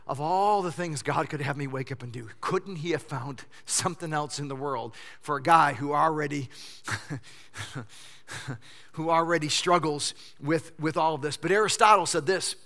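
Man, pastor, animated sermon storytelling, forceful tense tone, long church hall reverb. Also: a little high, normal speed, vocal fry. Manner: animated storytelling preacher who acts out quotes. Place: church sanctuary.

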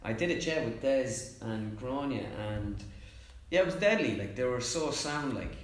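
A young Irish man chatting casually as a comedian guest, telling stories fast and acting out quotes. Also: medium pitch, expressive, roomy sound. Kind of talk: casual chat.

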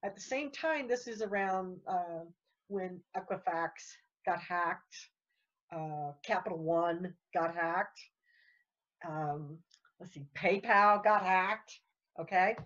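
A woman's voice: fairly low pitch, fairly bright tone, lo-fi sound. A woman guest telling her story in casual chat, rambling and repeating words. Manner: rambling, repeats words, talks fast when worked up.

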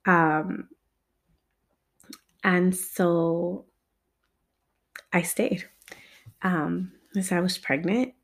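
A woman telling a personal story in a candid, halting and blunt way, swearing freely. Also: on the low side, fairly even intonation.

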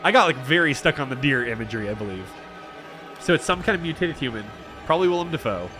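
A man's voice: medium pitch, animated, fast talker, over music. A man playing along in an improvised horror game, joking, rambling, and letting out mock-panicked yelps. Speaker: player. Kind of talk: casual improvised game play.

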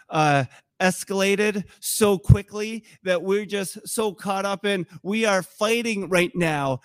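A man preaching a sermon to his congregation, dropping into soft hushes and slow emphatic pauses. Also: high-pitched, dry recording. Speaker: pastor.

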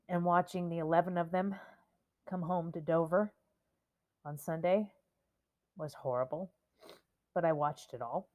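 Slow, emotional woman in her fifties. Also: on the low side, darkish tone. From United States. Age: 50s. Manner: emotional, slow and deliberate, reading names. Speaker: podcast host. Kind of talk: solo podcast monologue.

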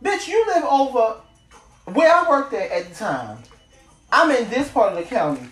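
A woman telling a story in casual chat, profane and animated, trading mock insults about an ex. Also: a little high, moderate pace, echoey room, faint music behind.

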